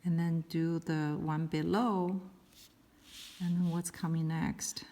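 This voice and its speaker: A woman teaches handwriting, talking slowly and carefully as she writes each stroke. Her voice sits a little low and stays calm and even. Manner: calm, slow, careful explanation while writing. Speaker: Chinese writing teacher. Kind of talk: step-by-step handwriting lesson.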